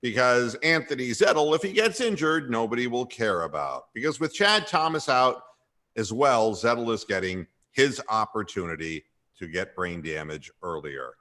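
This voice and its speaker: A man's voice: mid-range voice, expressive, moderate pace, bright, forceful tone. A man hosting a comedic sports talk radio show, sardonic and irreverent, with frequent sighs.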